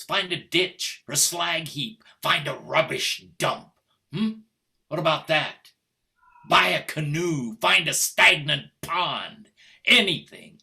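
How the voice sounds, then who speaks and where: A man's voice: a little high, creaky, bright, forceful tone, full character voice. An older man playing a cold, formal husband, on a video call, speaking with precise diction and sarcastic menace. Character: stiff, icy English husband Richard, middle-aged. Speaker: stage actor. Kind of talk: stage play reading over video call.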